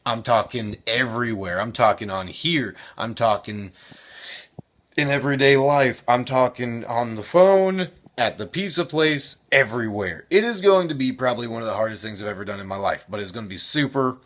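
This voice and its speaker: A man's voice: medium pitch, normal speed, a bit bright. A young man chatting casually in his daily vlog, rambling with lots of fillers and chuckles. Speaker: vlogger and actor.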